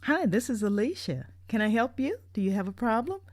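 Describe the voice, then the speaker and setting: A woman voicing a kind, soft-spoken female counselor with a smooth, gentle voice. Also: a little high, sing-song, a little fast, no room sound, clean studio sound, voice pushed up. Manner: gentle, soothing.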